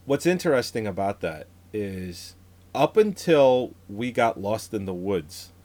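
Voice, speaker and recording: A man in his thirties co-hosting a casual movie review podcast. He talks in a relaxed, rambling way with frequent laughs. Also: lowish voice, unhurried. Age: 30s. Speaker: podcast co-host.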